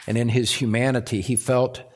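A man preaching a sermon in a church, earnest, repeating phrases and swelling louder on key words. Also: medium pitch, flat delivery, moderate pace. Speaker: pastor.

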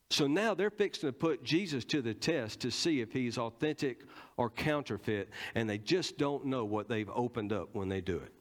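A man with a Southern American accent preaching a teaching sermon in church, stressing points and quizzing the congregation. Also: mid-range voice. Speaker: pastor.

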